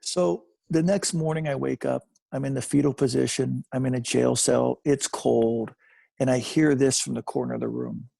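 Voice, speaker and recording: A man in his fifties, a guest on a video call, telling his recovery story in an animated way and repeating phrases for emphasis. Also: mid-range voice, normal speed, vocal fry. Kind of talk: personal storytelling.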